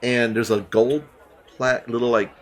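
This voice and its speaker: A man's voice: mid-range voice, flat delivery, normal speed, some chatter behind. A man narrating a tabletop game as game master, in a casual, descriptive way with many fillers.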